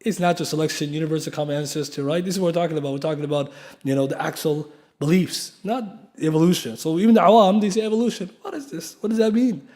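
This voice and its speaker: A man's voice: a little high, fairly even intonation, quick pace, warm tone. A man giving a lecture in a mosque, emphatic and full of rhetorical questions, spelling out key terms for his students. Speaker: Islamic lecturer. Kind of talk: classroom lecture.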